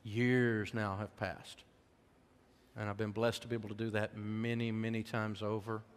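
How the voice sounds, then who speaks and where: His voice is lowish, smooth, and fairly flat in pitch, moving at normal speed. This folksy, middle-aged American preaches in a hall, telling sermon-style stories about faith and money with emotion that swings from loud to a soft hush.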